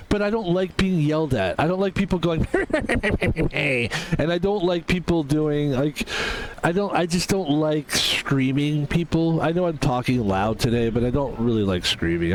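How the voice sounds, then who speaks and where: A man's voice: on the high side, moderate pace, slight background noise. A man chatting casually to his viewers while gaming on stream, rambling, mocking himself and swearing freely.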